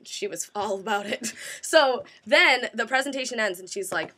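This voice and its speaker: A woman's voice: fairly high pitch, moderate pace, pushed and bright, slightly rough. A young woman telling a funny story in casual chat, imitating a presenter and often laughing. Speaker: guest storyteller.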